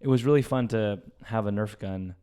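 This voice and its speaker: A young man co-hosting a comedy podcast, telling an excited, profane story and swearing freely. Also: on the low side, moderate pace, clean tone. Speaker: podcast co-host. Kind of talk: casual comedy podcast chat.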